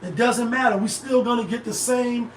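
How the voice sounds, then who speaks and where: A middle-aged man hosts a casual live stream and drifts from one thought to the next in heavy slang. His voice sits high and carries room echo, picked up by a phone set a bit away from him. There is a faint hiss underneath. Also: normal speed, recorded from a distance. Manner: rambling, digressive, heavy slang and filler. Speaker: livestream host. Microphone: phone set back from the speaker. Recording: echoey room, voice off-mic.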